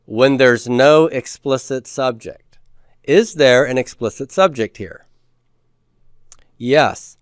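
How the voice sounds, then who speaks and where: A man's voice: mid-range voice, slow pace, long pauses, smooth, dry recording, studio quality. A man teaching a Hebrew grammar class, explaining patiently and quizzing the students with the odd light joke. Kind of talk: classroom lecture.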